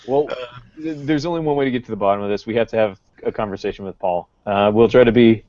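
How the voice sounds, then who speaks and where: A man's voice: fairly low pitch, quick pace, dark tone, dry recording. Wry male player, muffled. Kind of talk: casual tabletop game chat.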